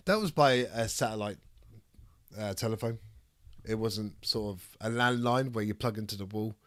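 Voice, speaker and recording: A man with a raspy voice from a cold, chatting casually on a live stream and reading chat aloud. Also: fairly low pitch, moderate pace, a bit bright, no echo, studio quality. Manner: reads chat aloud, rambling and swearing. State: ill with a cold, raspy throat. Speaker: streamer hosting a debate.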